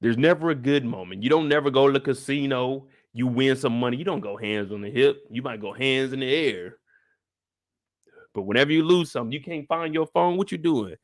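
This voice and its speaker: A mid-pitched man with hosts an episode breakdown in a lively, animated way. He slips in and out of quick impressions of the characters as he talks. The sound is close and dry, with no room around it. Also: dry recording. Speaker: show recap host.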